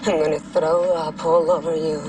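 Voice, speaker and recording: Actress playing a young woman from an action film, tense and insistent, flat delivery, distant film-soundtrack voice, loud engine rumble. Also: normal speed, close to an everyday voice. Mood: warning. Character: anxious young woman warning of motion sickness. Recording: distant film-soundtrack voice over vehicle noise.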